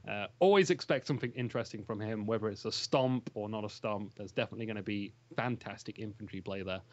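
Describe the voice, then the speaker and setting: A man's voice: lowish voice, fast talker, dull audio. Enthusiastic rambling male gamer. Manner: rambling, enthusiastic, laughs often. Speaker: interview guest, game shoutcaster. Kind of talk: casual interview chat.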